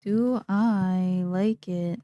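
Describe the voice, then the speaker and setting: Unhurried young woman streamer, dry sound. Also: medium pitch, steady tone, dark tone, clear, resonant tone, no room sound, dull audio. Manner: rambling, playful, thinks aloud. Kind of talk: casual chat while drawing on stream.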